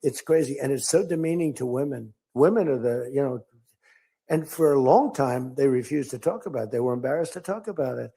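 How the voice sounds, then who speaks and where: A creaky, dark-toned voice with a breathy edge belongs to an older man addressing a crowd in a rambling, off-script political speech. Mid-range in pitch, he talks a little fast with lively intonation, telling stories and acting out quotes in different voices.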